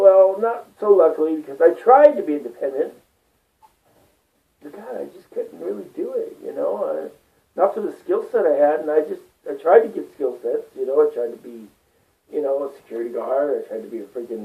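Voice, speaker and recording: A man rambling through a personal monologue, swearing often and getting worked up as he talks. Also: a little high. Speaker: vlogger. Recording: distant tinny phone-like sound.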